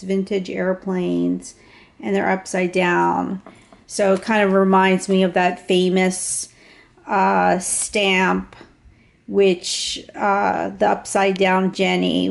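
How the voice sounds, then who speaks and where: A woman casually showing off a handmade travel journal to the camera, talking in an unhurried way with fillers and small restarts. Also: mid-range voice, vocal fry. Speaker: craft vlogger. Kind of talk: casual show-and-tell narration.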